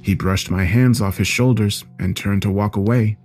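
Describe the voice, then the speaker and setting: A man with a fairly low voice narrates a horror story in the first person. His scripted telling is dramatic, with faint music playing underneath. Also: steady tone, normal speed, a little mellow.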